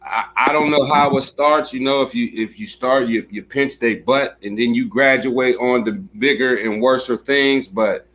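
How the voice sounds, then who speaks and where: A man's voice: mid-range voice, normal speed, few pauses, a bit bright, rough recording. A man on a discussion panel, talking casually and stumbling over repeated words as he makes his point. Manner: casual talk with stammering repeats.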